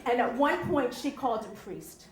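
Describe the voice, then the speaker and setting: A woman telling a true story live on stage, animated, often checking in with the audience. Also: on the high side, normal speed, roomy sound, background noise.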